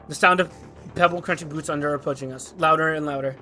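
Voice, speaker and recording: A young man streaming a game, reading its story aloud and reacting excitedly. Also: a little high, fast, soft background music.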